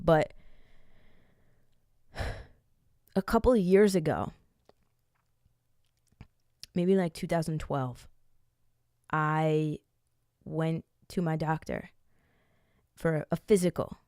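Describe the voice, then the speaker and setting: Girl late 20s venting on her vlog, low voice, super blunt, swears a lot, dry sound. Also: mellow, no room sound. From United States. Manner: frank, swears freely, rambling asides. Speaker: vlogger. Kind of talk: candid casual storytelling.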